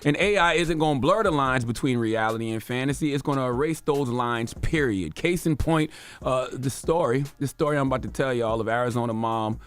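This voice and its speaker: A man's voice: medium pitch, brisk, smooth. A man hosting a radio show, delivering an emphatic, sarcastic commentary rant. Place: radio studio.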